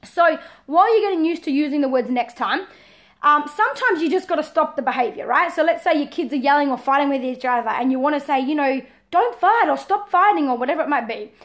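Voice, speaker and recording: Aussie lady parenting coach, high voice, talks fast and loose, lots of restarts. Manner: lively, repeats words and restarts, laughs often. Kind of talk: casual talk to camera.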